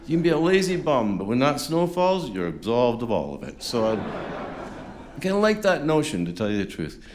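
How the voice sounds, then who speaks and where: A man's voice: mid-range voice, very animated, normal speed, background noise. Chatty man telling stories on stage. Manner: rambling, self-deprecating storyteller with many fillers. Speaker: folk singer-songwriter. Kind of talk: stage banter at a concert. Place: live concert stage. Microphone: stage microphone. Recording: live concert with faint music behind.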